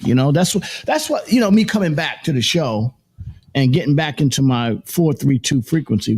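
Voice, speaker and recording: A husky-voiced man hosts a morning livestream, talking loosely into a desk mic. He rambles, circles back and repeats phrases as he works through his thoughts. His pitch sits in an ordinary middle range. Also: a little mellow. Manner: rambling, repeats himself, laughs between points. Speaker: morning show host. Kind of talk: casual livestream commentary.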